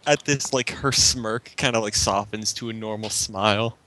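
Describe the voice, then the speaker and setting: A man's voice: on the low side, normal speed, sharp tone, slight background noise. A man playing a tabletop role-playing game, chatting casually and filling his talk with "like" and "kinda". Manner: rambling, leans on "like" and "kinda". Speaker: player.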